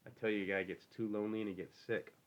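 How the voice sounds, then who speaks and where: A man's voice: on the low side, flat delivery, fast talker, lo-fi sound, lightly acted. A man reading the part of a lonely, bitter older stable hand who talks in a brooding, needling rural drawl. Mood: lonely, wistful.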